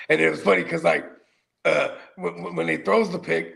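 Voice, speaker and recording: A man co-hosting a casual sports podcast, telling stories in an animated, profane way that swings between loud bursts and quiet asides. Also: on the high side, moderate pace, vocal fry. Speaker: podcast co-host.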